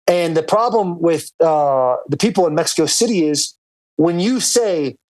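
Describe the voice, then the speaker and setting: Man, casual podcast chat, rambling, lots of fillers, slightly high pitch, video call. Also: expressive, unhurried, a little mellow. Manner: loose and rambling, full of "like" and "dude". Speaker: podcast co-host calling in from abroad.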